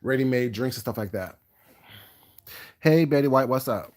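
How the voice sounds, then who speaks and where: A man chatting straight to camera in a loose, storytelling vlog. He rambles from topic to topic and speaks in a brash, sassy, self-assured way, with a voice of middling pitch. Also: moderate pace, darkish tone. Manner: rambling, jumps between topics. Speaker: food vlogger.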